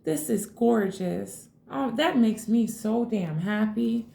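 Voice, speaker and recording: A woman giving a casual tarot reading to her viewers, excitable and swearing freely, calling them y'all. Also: a little high, slow pace, vocal fry. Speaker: tarot reader. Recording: echoey room.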